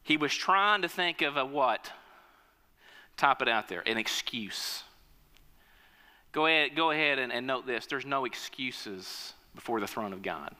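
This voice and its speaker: A man's voice: mid-range voice, lively intonation, measured pace, pushed and bright, big-room sound. A man preaching a sermon, emphatic, telling a story and calling on his listeners. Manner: emphatic, storytelling, calls on the congregation.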